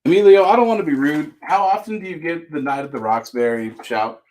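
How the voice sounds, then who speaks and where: Man, live-sale host, casual rambling jokes, slightly high voice. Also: fairly quick, a little mellow. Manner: joking, rambling asides between listings. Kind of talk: casual live-stream selling.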